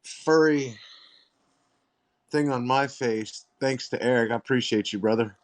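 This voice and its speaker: A man hosting a livestream tells crude stories in casual chat, laughing as he goes and cracking rude jokes. His medium-pitched voice keeps a measured pace, with no echo.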